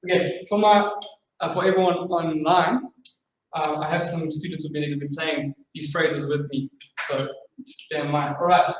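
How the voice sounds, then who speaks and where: A man's voice: a little high, steady tone, normal speed. A man teaching a drumming masterclass, encouraging his students and singing out rhythms with syllables. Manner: encouraging, sings out rhythms with vocables. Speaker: drumming instructor. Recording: far-off mic, very echoey room, faint noise.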